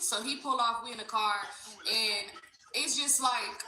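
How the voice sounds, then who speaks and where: A woman livestreaming, telling a story in an animated, profane, ranting way. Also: fairly high pitch, measured pace, echoey room, a little hiss or hum, rough recording. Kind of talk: casual storytime chat.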